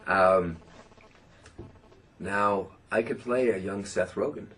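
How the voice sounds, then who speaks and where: A man's voice: low voice, takes it slowly, noisy background. A Canadian man answering interview questions in a joking, self-mocking, rambling way. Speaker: interview guest. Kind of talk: playful interview chat.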